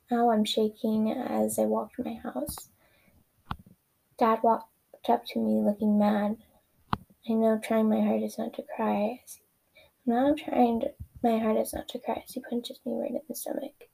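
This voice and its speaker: Gravelly young woman reading her story. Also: on the high side, mellow, poor audio. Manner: self-correcting, with whispered asides. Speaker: reader of her own fan fiction.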